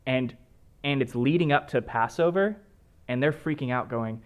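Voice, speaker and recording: A man's voice: medium pitch, moderate pace. A man with a mid-range voice shares a conversational sermon as co-pastor. He recounts the story and affirms his partner's points.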